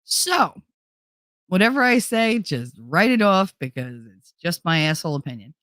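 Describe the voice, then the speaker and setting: A woman's voice: sing-song, brisk, a bit bright, no room sound, studio quality. A woman hosting a casual livestream, chatting with her viewers, swearing freely, laughing a lot and swinging her voice up and down. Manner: swearing, laughing, swings high and low in pitch. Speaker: streamer host. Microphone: desk microphone.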